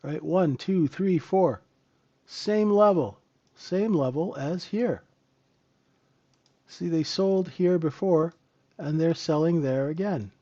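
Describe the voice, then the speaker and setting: A male trading instructor runs a live trading room, explaining charts in a casual, conversational teaching style, answering viewers' questions as he goes and often asking a rhetorical "right?" His fairly high, dark-toned voice moves slowly with frequent pauses, and the recording is muffled.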